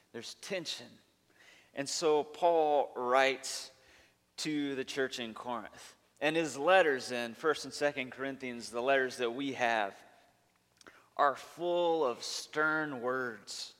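A man preaching a sermon at an unhurried, deliberate pace. He talks earnestly and with emphasis, building long lists point by point. His voice carries the long reverb of a large church sanctuary. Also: medium pitch, fairly bright tone. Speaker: pastor.

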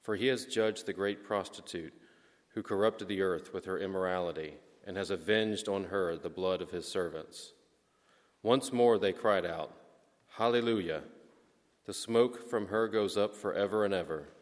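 Deep-voiced man reading scripture in church. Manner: measured, solemn reading. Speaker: lector. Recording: long reverb of a church hall.

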